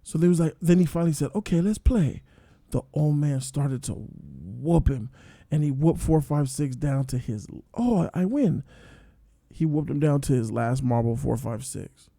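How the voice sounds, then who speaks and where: A man giving a casual, animated review and retelling a story in loose slang. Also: mid-range voice, normal speed, gravelly, dry recording, clean studio sound.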